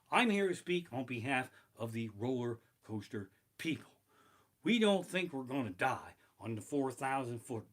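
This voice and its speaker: A man performing a profane stand-up comedy set, streamed live from his living room, breaking into shouted bursts of panic. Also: medium pitch. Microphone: basic home streaming mic.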